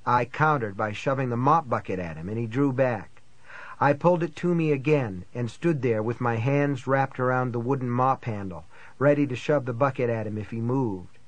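A man narrating a first-person thriller audiobook in a tense, measured storytelling manner. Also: mid-range voice, dry recording.

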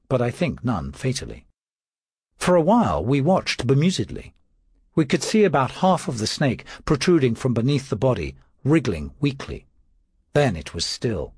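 A man's voice: medium pitch, husky, dry recording. A man narrating an audiobook with a dry, wry manner.

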